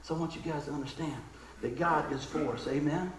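A man preaching with a fervent, folksy manner that keeps calling for an amen. His voice sits high for a man. It rings out through a roomy, echoing sanctuary. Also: a little fast, a crowd in the background. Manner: fervent, folksy, calls for amens. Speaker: pastor. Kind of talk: sermon.

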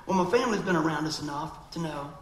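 A man's voice: a little high, fast talker, fairly bright tone, reverberant, rough recording. A man preaching a sermon, telling a story animatedly and acting out the voices of people in it.

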